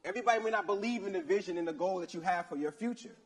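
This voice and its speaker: A high-voiced man delivering a rousing motivational speech at a youth conference. He pushes his lines with energy and keeps calling on the audience to repeat key words back to him. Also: rapid-fire, rough recording. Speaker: motivational speaker. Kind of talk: motivational speech with call-and-response. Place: conference stage.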